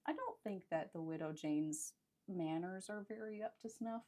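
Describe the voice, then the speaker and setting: A woman with a mid-pitched voice chats casually as a tabletop game player. She talks in a playful, joking way, mixing table talk with role-play. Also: normal speed, dark tone.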